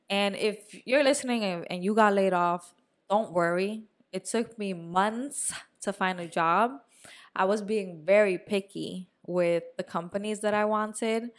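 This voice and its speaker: A young woman chats on her podcast in a loose, animated storytelling way. Her voice sits at an ordinary middle pitch, and she swears freely and slips Spanish words into her talk. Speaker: podcast co-host. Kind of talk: casual chat.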